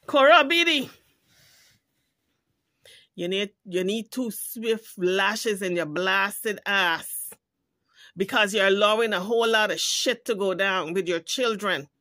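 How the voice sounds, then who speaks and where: A woman's voice: medium pitch, measured pace, pushed and bright, dry recording. A woman hosting a commentary video, ranting indignantly and scolding, with frequent swearing. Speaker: YouTube commentary host. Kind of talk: heated commentary rant.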